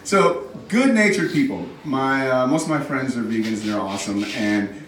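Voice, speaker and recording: A man's voice: medium pitch, moderate pace, a bit bright. A man doing a stand-up set in a comedy club, rambling, self-mocking and bantering with the audience. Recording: roomy club, mic from far off.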